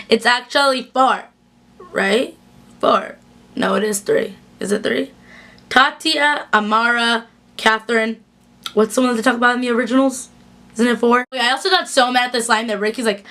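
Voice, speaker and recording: A young woman gushing through a casual episode recap in a chatty, excitable way, full of "like". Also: on the high side. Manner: gushing, chatty, fast bursts with fillers like "like". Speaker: TV recap vlogger.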